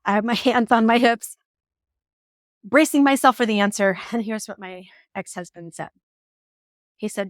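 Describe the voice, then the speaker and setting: Animated woman telling a personal story. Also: mid-range voice, normal speed, pauses often, no echo, studio quality. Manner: animated, emotional retelling with laughs. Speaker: vlogger.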